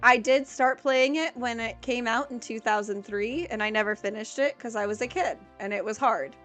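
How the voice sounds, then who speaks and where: A woman's voice: on the high side, normal speed, a bit bright, faint music behind. A woman in her thirties streaming a video game, chatting casually with viewers and playfully exasperated. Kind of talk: casual gameplay chat with viewers.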